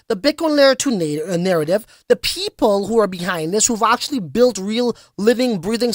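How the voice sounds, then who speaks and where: A man's voice: sits high, a bit bright, no echo, studio quality. A man hosting a crypto livestream, chatting casually and reading viewer comments in a slangy, hyped-up way with lots of fillers. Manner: casual, slangy, hype-driven with frequent fillers.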